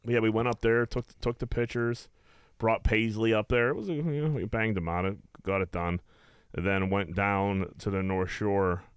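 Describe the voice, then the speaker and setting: A man's voice: lowish voice, fairly even intonation, moderate pace, smooth, no echo. A young man from Pittsburgh co-hosting a podcast, telling rambling stories in casual chat and swearing often. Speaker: podcast co-host.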